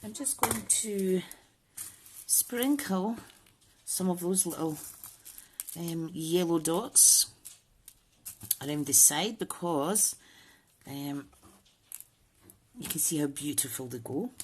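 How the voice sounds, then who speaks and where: A woman's voice: on the low side, lively intonation, takes it slowly, long pauses, darkish tone, slight background noise. A woman hosting a casual crafting tutorial, chatting and thinking aloud with frequent ums. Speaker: papercraft channel host.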